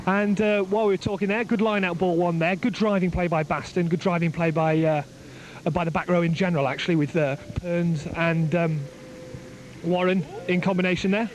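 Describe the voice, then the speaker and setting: A man giving live play-by-play rugby commentary outdoors at a ground, excitable and joking, his voice climbing as the play builds. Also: sits high. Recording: noisy outdoor amateur recording.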